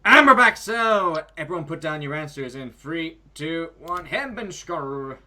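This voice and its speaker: A host chatting casually over a call, animated and laughing, with crude asides. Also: medium pitch, unhurried.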